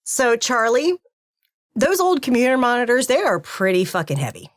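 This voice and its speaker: A woman running a tabletop game as game master, narrating the action in a lively way and laughing often. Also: fairly high pitch, normal speed, no echo, studio quality.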